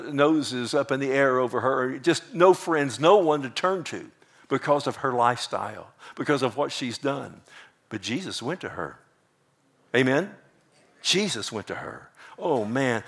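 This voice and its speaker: A man's voice: mid-range voice, fairly bright tone. A man preaching a sermon in an earnest way, acting out the lines he quotes and asking his listeners questions. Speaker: pastor.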